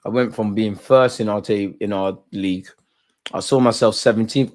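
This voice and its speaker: A man's voice: fairly low pitch, steady tone, moderate pace, a little mellow. A young man hosting a live football watch-along, talking in rambling, opinionated banter. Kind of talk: casual live match commentary.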